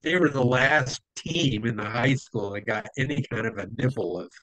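A man's voice: medium pitch, normal speed, a bit bright, no echo, poor audio. A man telling old stories as an interview guest, rambling with many fillers and acting out the people he quotes. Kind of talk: casual storytelling.

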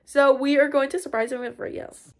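A young woman chatting excitedly in a casual vlog, rambling with lots of fillers. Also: sits high, moderate pace. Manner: excitable, rambling, frequent "so basically". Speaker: vlogger.

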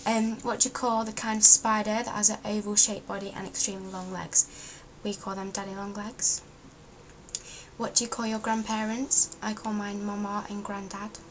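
A woman's voice: medium pitch, flat delivery, normal speed, noisy background. A young woman with a Derbyshire accent, chatting casually in an accent tag vlog and reading out a word list. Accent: Derbyshire English. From England. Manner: chatty, down-to-earth, reading words aloud. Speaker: vlogger.

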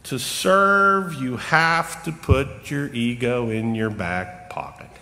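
A middle-aged man giving a rambling personal sermon in a church, humorous and self-deprecating, slowing down for emphasis. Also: mid-range voice, sharp tone. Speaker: lay preacher. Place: church sanctuary. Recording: long reverb of a church hall.

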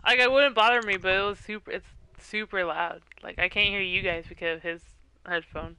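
A woman live streaming, chatting casually and laughing a lot as she talks loudly into her headset. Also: medium pitch, fairly even intonation, a little fast, slight background noise, poor audio. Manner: giggly, chatty, says she talks loud. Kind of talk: casual gaming stream chat.

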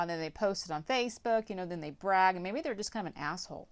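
A woman's voice: medium pitch, expressive, fast, few pauses. A woman giving a casual tarot reading, rambling with lots of filler words and some blunt swearing. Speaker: tarot reader.

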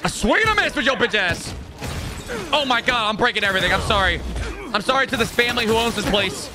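A man streaming a video game, loud and excitable, swearing and trash-talking enemies as he plays. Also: extremely high pitch, quick pace. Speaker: gaming streamer. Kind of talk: let's play commentary. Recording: game music loud behind voice. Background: video game music and sound effects.

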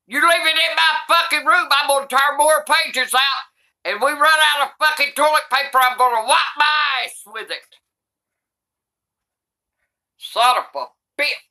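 Cranky foul-mouthed older grandma, slow and sharp. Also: female voice, high-pitched. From United States. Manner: cranky, swears constantly, shouts in outrage. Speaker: comedy YouTuber grandmother. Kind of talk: comedic reading aloud.

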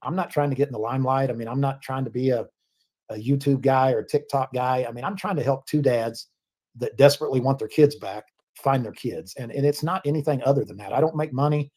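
A man answering interview questions as a family spokesman, earnest and defensive with halting restarts. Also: medium pitch, darkish tone.

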